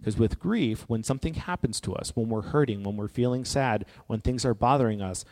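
A man giving a reflective, personal talk in an earnest, gently encouraging way. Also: mid-range voice, a little fast. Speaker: speaker on grief and healing. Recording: long hall reverb.

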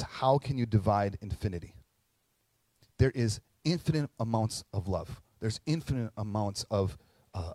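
A middle-aged man preaches in an earnest, conversational way, moving through stories and slipping into quoted voices. His pitch sits in an ordinary middle range. The sound is dry and close, with little room echo. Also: warm tone. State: tearing up at moments. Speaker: pastor. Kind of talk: sermon.

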